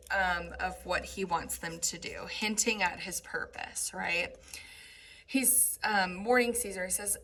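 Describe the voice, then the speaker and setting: A woman's voice: mid-range voice, a bit bright. A woman teaching a lesson, chatting through a play and checking in with "right?" as she reads lines out with playful emphasis. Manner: conversational, frequent "right?" check-ins. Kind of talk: lecture walkthrough of a play.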